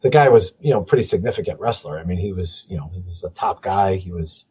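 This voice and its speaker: A man's voice: low voice, lively intonation, fast, mellow, highs cut off, slight background noise. A man talking casually on a podcast, rambling and swearing as he tells wrestling stories. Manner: rambling, profane, trailing into mumbles.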